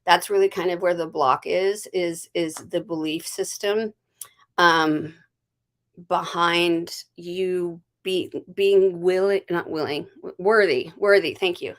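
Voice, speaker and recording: An American woman hosting a live stream, giving a card and intuitive reading in a gentle, flowing way with many restarts and soft laughs. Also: on the low side, fairly even intonation, slow pace. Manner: greets viewers warmly by name.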